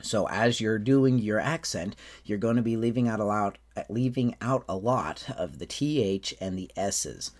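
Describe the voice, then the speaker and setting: Low-voiced man giving a casual accent tutorial. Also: measured pace, hardly any pauses. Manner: relaxed, rambling with restarts. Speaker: faire staff member teaching accents.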